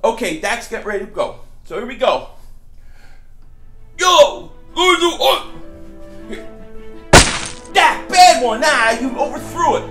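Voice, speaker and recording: A male sports vlogger with a loud, excitable manner who often shouts while doing a comedy bit and a fan rant. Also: very high voice, fairly quick, few pauses, faint music behind.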